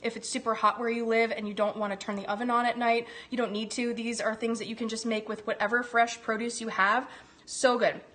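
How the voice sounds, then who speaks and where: Her voice is a little high and fairly bright, with little pitch variation and a fairly quick pace. She's a bubbly host doing a live cooking demo at home, chatting away and enthusing about the food mid-bite.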